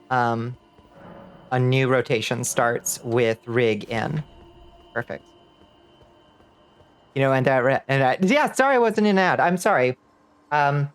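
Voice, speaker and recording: A man's voice: medium pitch, clean tone, dry recording. Playful gaming streamer, man. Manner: playful, greets chat warmly, laughs often. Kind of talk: casual live-stream chat while gaming. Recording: faint music behind.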